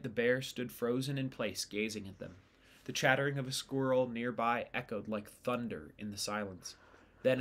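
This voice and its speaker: A man reading a novel chapter aloud in a steady, unhurried storytelling way. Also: mid-range voice. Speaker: audiobook reader.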